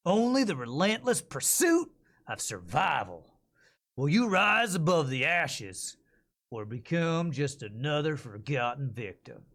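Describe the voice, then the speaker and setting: A man's voice: bright, forceful tone, full character voice. Man putting on a gritty Texan game-trailer narrator. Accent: Texas drawl. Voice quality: deep and gritty. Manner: slow, drawn-out dramatic delivery. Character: gritty male survival-game trailer narrator, grim and dramatic. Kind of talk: video game trailer voice-over.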